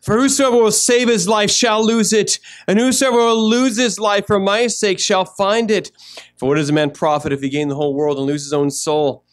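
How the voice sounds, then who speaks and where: A man pastor preaching a sermon in a church, animated, acting out little scenes as he goes. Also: sits high, moderate pace. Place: church sanctuary.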